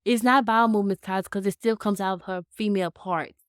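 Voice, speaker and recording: A woman's voice: medium pitch, steady tone, quick pace, clean tone, no room sound, studio quality. A young woman co-hosting a casual podcast chat, blunt and teasing, talking with strong emphasis. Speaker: co-host.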